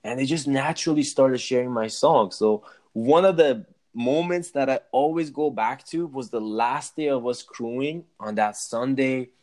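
A man, a musician being interviewed, telling a personal story in a casual, animated way and acting out his own reactions. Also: mid-range voice, normal speed, hardly any pauses. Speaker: guest, musician.

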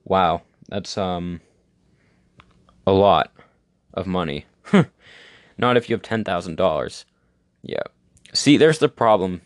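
A young man holds forth in a casual monologue. His voice sits on the low side and the recording is dry and close. He rambles, full of "like" and restarts, sure of his opinions. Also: takes it slowly, pauses often, no room sound. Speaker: podcast host.

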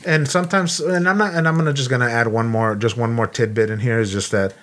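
A man's voice: medium pitch, fast talker, fairly bright tone, a little hiss or hum. A man from Los Angeles, a Marine veteran, co-hosting a casual podcast chat in a blunt, heated way, swearing often and restarting his sentences. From Los Angeles, USA.

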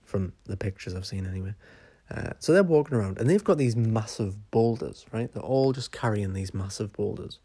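A podcast host tells a casual story in a fairly low, expressive voice that's warm with a breathy edge, at a moderate pace. He's chatty and sweary, often tossing in "right?", and there's no room sound.

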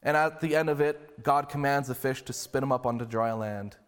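A male pastor preaching a sermon in a relaxed, conversational storytelling way. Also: mid-range voice, normal speed, smooth. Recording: long hall reverb.

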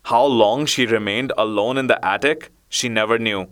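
A man reading a children's story aloud in a measured, expressive way. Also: medium pitch, smooth. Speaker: narrator.

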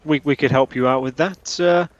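A man's voice: a little high, normal speed, lo-fi sound, close to an everyday voice. A man voicing a stern, burly helmeted city guard with a put-on Cockney accent, ingratiating and menacing.

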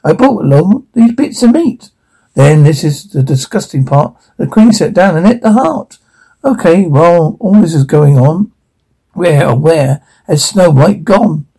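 Slow, husky man reading a rhyming tale. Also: a little high, poor audio. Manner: playful, expressive. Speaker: storyteller.

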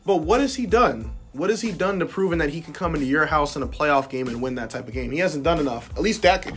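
A man's voice: on the high side, quick pace, faint music behind. A man co-hosting a casual sports podcast, teasing his friend and arguing his picks. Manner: teasing, animated. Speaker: podcast co-host.

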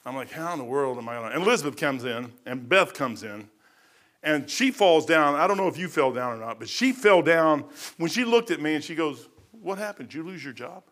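High, bright-voiced preaching man. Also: brisk. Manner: storytelling preacher, swings from hushed asides to excited outbursts. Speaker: pastor. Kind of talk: sermon.

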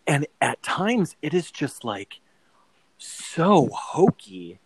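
A man's voice: on the high side, big pitch swings, very slow, slightly rough, dry recording, poor audio. A man co-hosting a casual podcast chat, rambling with lots of fillers and acting out quoted lines. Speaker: podcast co-host. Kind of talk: casual chat about a TV adaptation.

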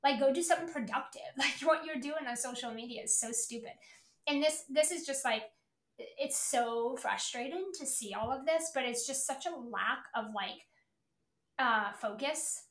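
A woman's voice: high-pitched, normal speed, fairly bright tone, roomy sound. A middle-aged woman hosting a podcast, ranting bluntly and profanely about selling as a coach. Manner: profane, brash, emphatic. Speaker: podcast host, sales coach. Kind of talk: blunt motivational podcast rant.

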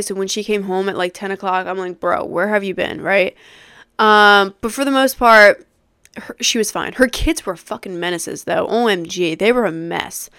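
A young woman in her twenties tells a story in an animated way, swearing freely, with lots of filler words. Her voice is smooth and crisp. The sound is dry and close, with no room echo. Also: mid-range voice. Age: 20s. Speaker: podcast host. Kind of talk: casual storytelling rant.

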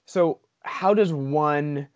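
A man's voice: on the high side, extremely slow, darkish tone, dry recording. Enthusiastic rambling man, dry sound. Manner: enthusiastic, rambling, many fillers. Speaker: podcast host. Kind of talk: podcast interview.

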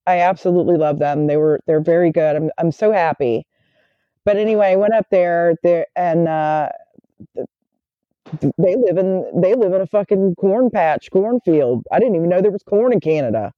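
A woman's voice: fairly low pitch, normal speed, dry recording, lo-fi sound. A middle-aged woman with a Southern American accent, chatting casually and animatedly as a podcast co-host, swearing freely. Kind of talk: casual chat.

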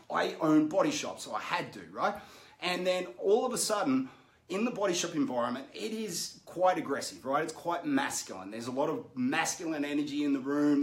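A man giving a motivational coaching talk, telling stories and acting out the voices he quotes. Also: echoey room. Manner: storytelling, acts out quoted voices with rising pitch and energy.

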